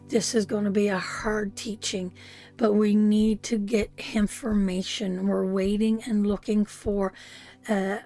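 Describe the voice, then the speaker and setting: A woman's voice: medium pitch, darkish tone. A woman giving a live tarot reading, emotional and repetitive, calling the listener sweetheart. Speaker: tarot reader.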